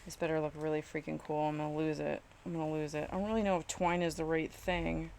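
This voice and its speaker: A woman's voice: low voice, flat delivery, quick pace, creaky, noisy background. A woman chatting casually on a live stream while crafting in her home studio, exasperated and self-mocking, swearing freely.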